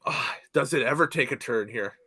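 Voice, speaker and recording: Bright upbeat podcast host. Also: male voice, mid-range voice, a little fast, breathy edge, dry recording. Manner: upbeat, asks questions and laughs often. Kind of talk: casual chat.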